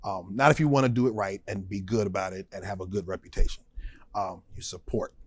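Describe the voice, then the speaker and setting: A man's voice: low-pitched, a little fast, no echo. A man being interviewed as a supporting vocalist, talking emphatically and animatedly and laughing easily. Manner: emphatic and animated, punctuating points with short stressed words. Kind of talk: conversational interview.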